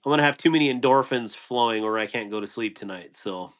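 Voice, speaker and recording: A man's voice: medium pitch, quick pace, a bit bright. A man hosting a casual live stream, rambling loosely and telling corny jokes to his viewers.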